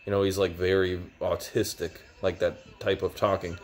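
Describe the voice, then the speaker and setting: A man's voice: deep voice, little pitch movement, normal speed. A young man giving a casual, rambling video review with lots of fillers. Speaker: show reviewer.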